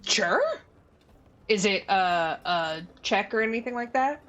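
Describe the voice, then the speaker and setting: A woman's voice: mid-range voice, lively intonation, slow, a bit bright, highs cut off. A woman game master narrating a tabletop game, hesitant and full of fillers. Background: faint background music.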